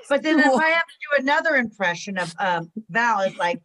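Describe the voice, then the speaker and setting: A woman's voice: on the high side, very animated, brisk, sharp tone. Giggly storytelling woman. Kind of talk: casual group chat.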